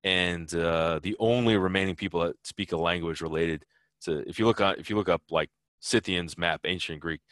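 A man's voice: low voice, normal speed, fairly bright tone, dry recording, clean studio sound. A man answering interview questions in a loose, rambling way, full of fillers and restarts. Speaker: interview guest, traveler. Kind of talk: casual conversational interview.

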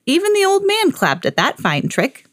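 Expressive mom reading a storybook. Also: female voice, very high voice, normal speed, no echo, studio quality. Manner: expressive, sing-song storytelling. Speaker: mom reading picture books on a podcast. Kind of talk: reading a children's storybook aloud.

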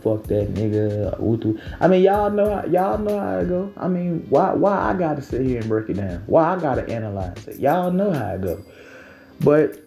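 A young man in his twenties riffs through a late-night livestream in loose, profane slang, stumbling over restarts as he goes. His voice sits at an ordinary middle pitch, with soft music playing faintly behind him. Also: poor audio. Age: 20s. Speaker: livestream host. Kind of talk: casual late-night monologue.

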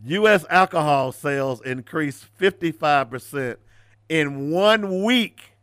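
A man's voice: expressive, slow, clear, resonant tone, no echo. Ranting man, dry studio sound. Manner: preachy, ranting, mocking, switches between loud rants and low asides. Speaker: radio talk host. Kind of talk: casual radio commentary.

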